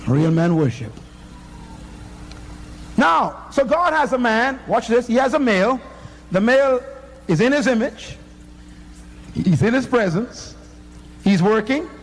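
A man preaching a fiery sermon, emphatic and firing off rhetorical questions at the congregation. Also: sits high. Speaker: pastor.

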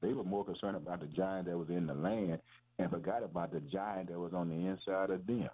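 A deep, husky-voiced man preaches a fervent sermon, circling back over his points. He keeps calling out to his listeners as "man" and "boy". The sound comes through a thin, tinny radio broadcast. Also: steady tone, a little fast.

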